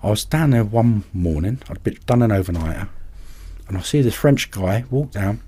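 A man, a podcast guest and carp angler, telling anecdotes in a lively way and acting out the voices of people in them. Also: fairly low pitch, normal speed, husky. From England. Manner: animated, acts out other people's voices in anecdotes. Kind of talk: casual storytelling.

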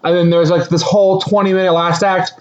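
Casual co-host, male, fairly high voice, rambling, muffled audio. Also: level tone, fast talker. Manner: rambling, full of "like" and restarts. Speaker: podcast co-host. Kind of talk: casual chat about a movie.

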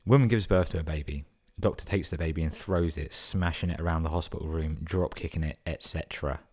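A man's voice: rumbling low, steady tone, brisk, darkish tone. A man hosting a podcast, reading listener stories out casually, swearing a lot and laughing at the jokes. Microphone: podcast microphone.

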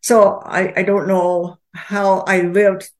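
An older woman telling a personal story as a guest, halting, with many pauses and restarts. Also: medium pitch, flat delivery, darkish tone.

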